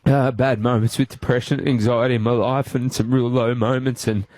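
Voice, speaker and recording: An Australian man on a radio studio microphone, his voice breaking into halting restarts as he struggles through an emotional tribute. The sound is close and dry, with no room around it, and his pitch sits in a middle range. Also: little pitch movement, a little mellow, dry recording. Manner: halting, tearful, full of restarts. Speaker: radio host.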